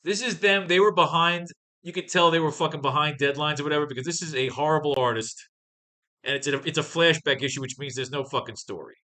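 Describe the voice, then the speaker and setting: Profane, excitable comic-reading man. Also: on the high side, quick pace. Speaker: writing class teacher. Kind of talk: casual comic read-along commentary.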